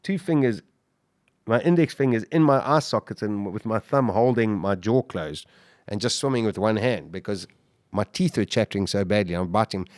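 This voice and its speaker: A man, a podcast guest, telling his survival story in an animated way, full of restarts and repeated words. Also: lowish voice, normal speed, dry recording, studio quality. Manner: vivid, animated retelling with restarts. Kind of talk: interview storytelling.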